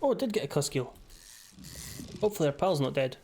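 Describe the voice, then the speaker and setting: A man's voice: a little high, big pitch swings, fast, darkish tone, faint music behind. A man streaming a game live and chatting casually, with rambling, sweary asides.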